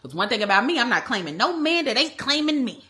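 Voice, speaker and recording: A young woman telling a personal story in a casual, animated way, using slang and acting out the other people. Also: a little high, fast talker. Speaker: vlogger. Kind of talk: storytime vlog.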